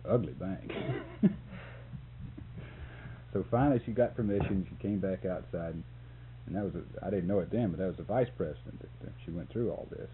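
A man's voice: low-pitched, slight background noise. Chuckling storyteller man on tinny tape. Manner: laughs often, animated when telling the punchline. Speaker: interviewee, photographer. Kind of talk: storytelling in a recorded interview.

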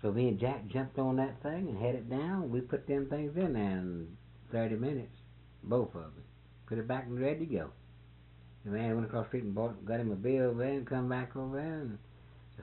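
An animated man spins a folksy yarn in casual conversation, his pitch leaping around as he acts out who said what. The recording is thin and tinny, like an old phone-line tape. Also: brisk. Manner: folksy, animated, chuckling retelling. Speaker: storyteller in conversation. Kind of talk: casual storytelling chat.

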